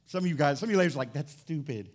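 A man preaching a sermon as pastor in a church, animated and jokey, swinging from loud excitement to quiet emphasis. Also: fairly high pitch, very fast. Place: church sanctuary.

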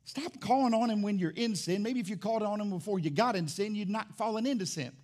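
Loud, high-pitched preaching pastor. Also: male voice, fast talker. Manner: loud, swinging between shouting and hushed. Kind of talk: sermon. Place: church sanctuary.

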